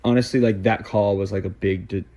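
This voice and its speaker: A man in his twenties casually telling a story, quick and full of "like" fillers. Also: on the low side, steady tone, a crowd in the background. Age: 20s. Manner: fast, filler-heavy, lots of "like". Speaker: vlogger.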